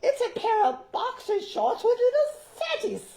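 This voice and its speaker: Man doing a gushing, shrill Mrs. Fezziwig. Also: huge pitch swings, unhurried, a little mellow, roomy sound, exaggerated voice. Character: fussy middle-aged woman, Mrs. Fezziwig, showing off a gift. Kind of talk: theatrical impression in an anecdote.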